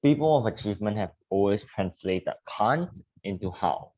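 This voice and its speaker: A man reading a passage aloud in a steady, measured way. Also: fairly low pitch, dull audio. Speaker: reader.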